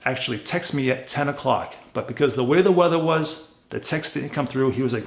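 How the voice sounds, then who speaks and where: A man with a gravelly, rough-edged voice tells a story casually and bluntly, acting out conversations as he goes. The sound is roomy, with a clear echo around him. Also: medium pitch, brisk. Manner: blunt, animated retelling with quoted dialogue. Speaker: car flipper vlogger.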